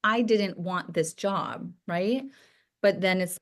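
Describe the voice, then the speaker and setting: A woman's voice: on the low side, takes it slowly. A woman speaking as a podcast guest, a doctor and company founder, talking openly and emotionally in a reflective way. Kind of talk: candid podcast conversation.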